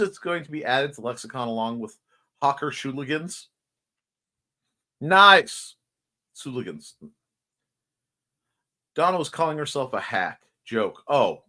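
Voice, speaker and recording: A man's voice: mid-range voice, sing-song, slow, pauses often, pushed and bright. A man hosting a casual livestream morning show, chatting playfully as he reads out and answers viewer comments. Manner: chatty and playful, jumping between topics.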